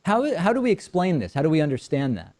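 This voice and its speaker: A man hosting an interview show, asking measured questions with frequent fillers and repeated words. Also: a little high, wildly swooping pitch, a little mellow. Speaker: talk show host.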